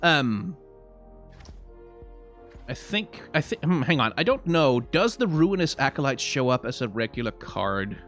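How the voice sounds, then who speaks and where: A man's voice: mid-range voice, very animated, measured pace, pauses often, a bit bright, soft background music. A man giving casual live-stream commentary on game card art, rambling with many restarts, frank and self-deprecating.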